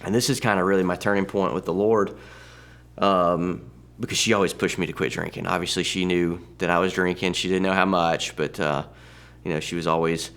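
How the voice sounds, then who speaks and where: A man in his thirties sharing a personal testimony in a halting, conversational way, often restarting his sentences. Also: deep voice, fairly even intonation, a bit bright, smooth. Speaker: church testimony speaker.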